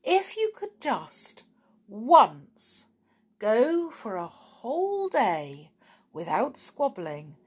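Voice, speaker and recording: Woman narrator voicing a gentle old lady, pleading, with a lively, husky voice. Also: mid-range voice, pitched above the performer's own voice, heavily acted.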